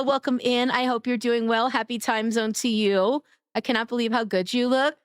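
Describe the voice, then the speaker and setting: A woman streamer chatting casually with her live chat, greeting viewers by name in an affectionate way, her voice a little raspy. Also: medium pitch, no echo, studio quality. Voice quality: somewhat raspy today.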